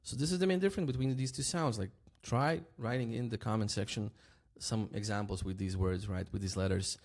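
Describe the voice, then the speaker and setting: Here a man with a fairly low pitch teaches a language casually. He drags example words out slowly, says them more than once, and keeps asking "right?"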